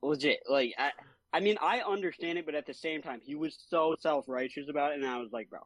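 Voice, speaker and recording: A man's voice: fairly high pitch, brisk, no room sound, rough recording. A young man co-hosting a podcast, chatting casually about a movie, laughing often and acting out lines from it. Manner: animated, laughs often, acts out quotes. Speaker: podcast co-host.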